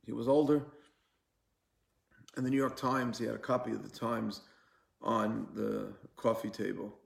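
A man's voice: lowish voice, flat delivery, a little slow, gravelly, reverberant. A man, a rabbi, teaching a live-streamed Torah class, telling stories and repeating key phrases for weight.

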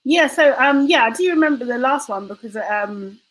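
A woman's voice: high-pitched, lively intonation, normal speed, a bit bright, poor audio. A woman in a casual group chat, blunt and swearing freely. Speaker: podcast co-host.

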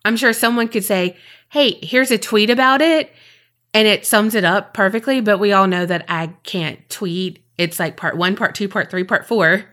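A woman's voice: mid-range voice, fairly even intonation, normal speed, hardly any pauses, a bit bright. A woman with a Southern US accent, co-hosting a podcast with rambling, chatty talk and then telling a story. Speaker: podcast co-host. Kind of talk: casual chat and storytelling.

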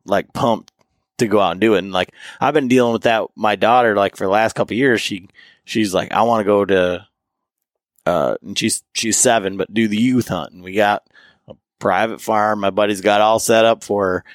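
A man's voice: fairly low pitch, fairly even intonation, moderate pace, no room sound, clean studio sound. A man co-hosting a casual podcast, talking loosely with lots of fillers and acting out quotes as he tells stories. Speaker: podcast co-host.

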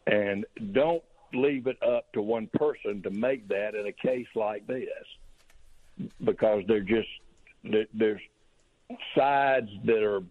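A man's voice: fairly low pitch, slow pace. A man with a Southern US accent, a criminal defense attorney talking easily as a phone-in guest on a radio show. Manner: easygoing, drawling and folksy. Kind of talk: phone-in interview. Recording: tinny phone line.

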